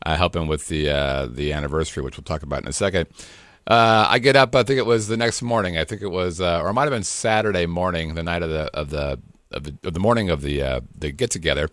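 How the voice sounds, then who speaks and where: A man's voice: low-pitched, big pitch swings, quick pace, a bit bright, no echo, clean studio sound. A middle-aged man hosting a podcast in casual chat, joking and rambling with fillers and restarts. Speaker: podcast host.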